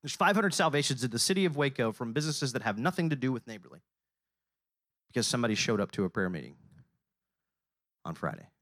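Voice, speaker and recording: A man giving a motivational faith talk, preaching and building up to rousing shouts. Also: mid-range voice, big pitch swings, fast, pauses often, no echo, clean studio sound. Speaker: speaker at a faith-based business gathering. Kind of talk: motivational sermon.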